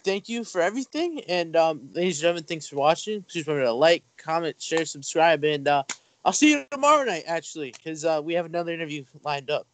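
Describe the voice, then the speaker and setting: A man from Massachusetts hosting a casual interview show, relaxed and halting, with frequent ums. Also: fairly high pitch, slight background noise. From Springfield, Massachusetts.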